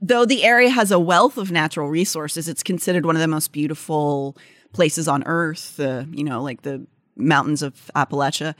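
A woman's voice: sits low, normal speed, dry recording, studio quality. A young adult woman with a Pittsburgh accent, co-hosting a podcast in a casual, chatty way, full of "like" and restarts as she reads out facts. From Pittsburgh area, United States. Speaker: podcast co-host. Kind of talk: casual chat mixed with read-out facts.

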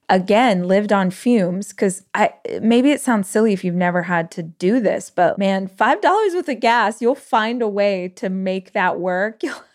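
Woman podcast host telling a personal story. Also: mid-range voice. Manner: emotional, animated storytelling with quick bursts.

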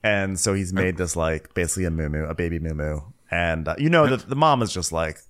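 Low-voiced man riffing with jokes. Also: animated, brisk, hardly any pauses. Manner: rambling, riffing, many likes and ums. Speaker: podcast co-host. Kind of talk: comic recap chat.

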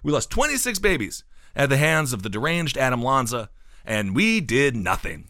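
A podcast host chats casually and shares opinions in an animated, cynical way. His mid-range voice moves at a moderate pace, and the studio sound is clean with no echo.

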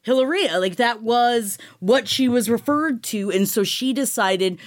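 High-voiced woman making emphatic gossip asides. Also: a little slow. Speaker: podcast co-host. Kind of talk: casual gossip chat.

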